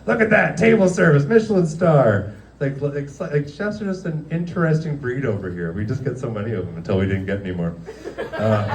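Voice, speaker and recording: A man's voice: fairly low pitch, mellow, far from the mic, slight background noise. A man in his thirties doing casual stand-up in a restaurant, rambling and laughing through his stories with lots of "like". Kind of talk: casual stand-up comedy storytelling. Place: dimly lit restaurant, live audience.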